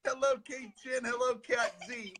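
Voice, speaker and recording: A man co-hosting a live spiritual advice stream, chatting in an animated, sarcastic, rambling way. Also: very high-pitched, a little slow. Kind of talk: casual live-stream chat.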